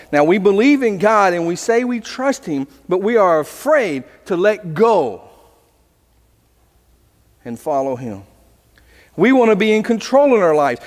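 A man's voice: high-pitched, long reverb tail. A man preaching as a pastor, earnest, telling a story with voices. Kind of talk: sermon. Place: church sanctuary.

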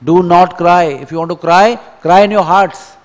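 A man's voice: sits high, steady tone, normal speed, lightly acted. A man playing a stern father who sternly warns grieving women not to cry aloud, in a temple lecture. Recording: long temple hall reverb.

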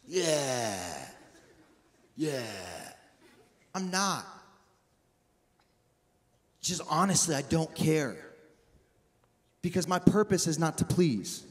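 A young man preaching a lively, casual sermon on stage, joking, laughing and acting out voices. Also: a little high, takes it slowly, long pauses. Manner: casual and jokey, with acted-out inner voices and frequent laughs. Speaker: pastor. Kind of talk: energetic sermon. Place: church stage before a live audience. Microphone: handheld stage mic. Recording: long reverb of a church hall.

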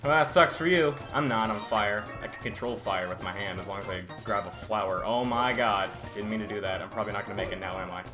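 A man's voice: on the low side, steady tone, fast talker, few pauses. A man giving let's-play commentary, easily frustrated, exclaiming and grumbling at the game as he plays. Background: game music.

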